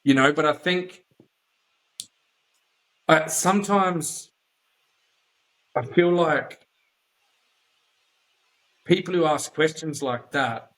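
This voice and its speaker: A man's voice: on the high side, takes it slowly, pauses often, a bit bright, poor audio. An Australian man hosting a podcast in casual chat, talking bluntly and emphatically with lots of swearing. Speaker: podcast host.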